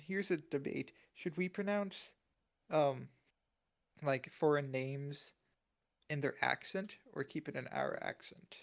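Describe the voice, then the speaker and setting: Gravelly young man in casual podcast chat. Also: on the high side, takes it slowly. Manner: laughs often, filler-heavy, rambling. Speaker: podcast co-host.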